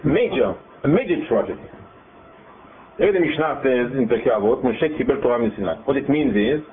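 A man teaching a Bible class. He explains verses, repeats words and acts out the dialogue with rising excitement. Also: mid-range voice, quick pace. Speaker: Torah teacher. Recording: tinny, echoey room with faint noise.

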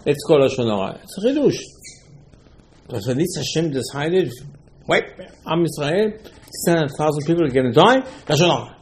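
Animated man teaching Torah. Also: a little high, normal speed, a little hiss or hum. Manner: animated, acts out dialogue in rhetorical questions; mixes Hebrew terms into English. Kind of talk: Torah lesson on the weekly portion.

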